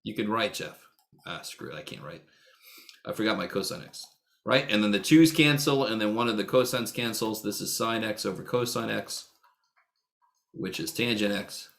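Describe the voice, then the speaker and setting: A man's voice: on the low side, normal speed, creaky, a bit bright. A middle-aged man teaching a math class over a video call. He jokes, teases students by name and swears freely. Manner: joking, blunt, swears freely. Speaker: math instructor. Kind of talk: casual online lecture.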